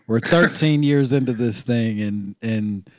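A man hosting a podcast in casual chat, talking haltingly with many restarts and laughs. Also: mid-range voice, darkish tone, dry recording, studio quality. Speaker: podcast host.

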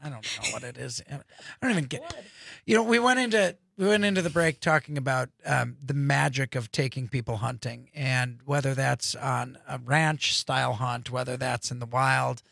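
A man's voice: mid-range voice, normal speed, gravelly, bright, forceful tone, no echo, clean studio sound. A man in his fifties from Wisconsin, hosting a casual radio talk show, joking and rambling with his co-hosts. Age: 50s. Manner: jokey, rambling, laughs often. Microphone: studio microphone.

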